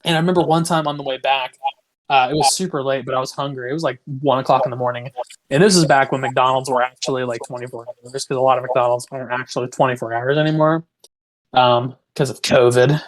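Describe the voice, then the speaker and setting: A young man co-hosting a podcast tells a long, rambling story in a casual way, stuffing it with "like" and swearing freely. His mid-range voice holds a fairly even intonation, and he talks at a quick pace.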